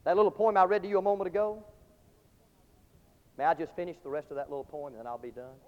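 A man preaching a sermon to a large crowd, telling a story with passion and dropping from shouts to hushed tones. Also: a little high, steady tone, fast, long pauses. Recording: dull lo-fi recording with long hall reverb.

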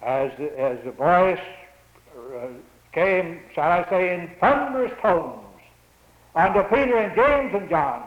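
High-voiced preacher in an echoey church. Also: male voice, lively intonation, measured pace. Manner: rising emphatic preaching cadence with repeated phrases. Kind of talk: sermon. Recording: muffled roomy old church recording.

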